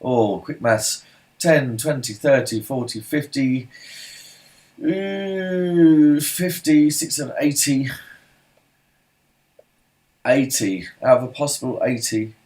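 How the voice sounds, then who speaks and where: A man's voice: mid-range voice, takes it slowly, pauses often, a little mellow. A man hosting an online pub quiz, reading out answers in a chatty, rambling way with lots of asides and fillers.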